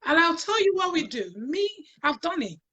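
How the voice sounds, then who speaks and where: A woman with a high voice tells her own story as a talk show guest. She is earnest and repeats phrases to make her point. The recording sounds dull and lo-fi. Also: big pitch swings, normal speed, bright, forceful tone. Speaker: guest sharing personal experience.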